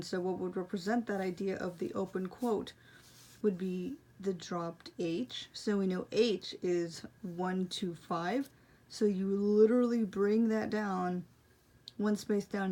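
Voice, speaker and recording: A woman's voice: medium pitch, a little mellow. A young woman casually explaining braille punctuation, rambling and apologizing for her explanations. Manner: self-deprecating, rambling, apologetic. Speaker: braille teacher. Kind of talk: casual tutorial.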